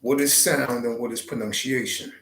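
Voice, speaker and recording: A man hosting his channel, giving a slow, reflective spiritual talk with deliberate, drawn-out phrasing. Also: medium pitch, fairly even intonation, a bit bright, reverberant, poor audio. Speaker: channel host.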